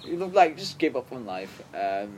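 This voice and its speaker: A man's voice: medium pitch, sing-song, darkish tone. Rambling man, faint hiss behind. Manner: rambling, halting, full of fillers and restarts. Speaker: podcast co-host. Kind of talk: casual chat.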